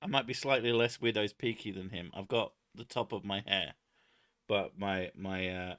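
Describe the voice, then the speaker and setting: A man's voice: lowish voice, fairly even intonation, moderate pace, fairly bright tone, clear, resonant tone. A man hosting a casual live stream, joking, swearing and reading chat aloud. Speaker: streamer host.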